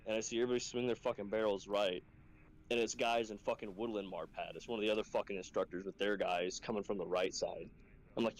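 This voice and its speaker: A man's voice: fast talker, rough recording. A man telling a training story in casual, profane chat, acting out quotes with sudden jumps in his voice. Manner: profane, animated, acts out quotes in a high voice. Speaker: Marine instructor telling a war story.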